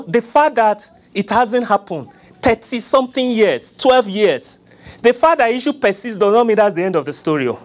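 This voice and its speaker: A preacher delivering a sermon, pleading and acting out prayers, swinging from loud cries to hushed murmurs. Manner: acts out begging prayers in a low, soft voice.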